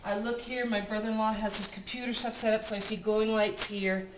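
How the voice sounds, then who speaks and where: A woman vlogger in a cabin room, telling a personal story in an animated, breathless way and repeating phrases for emphasis. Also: medium pitch, brisk. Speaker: vlogger recounting an experience. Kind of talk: casual storytelling. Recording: roomy room with clear background noise.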